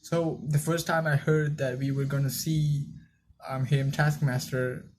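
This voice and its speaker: A man's voice: medium pitch, flat delivery, measured pace, slight background noise. A young man giving a casual spoken film review, rambling loosely with lots of fillers and restarts. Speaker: movie reviewer.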